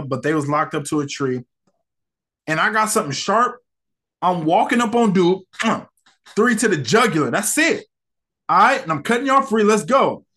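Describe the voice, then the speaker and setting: A man's voice: on the high side, fairly bright tone. A man hosting a podcast, giving a casual, slangy movie review and acting out characters' lines.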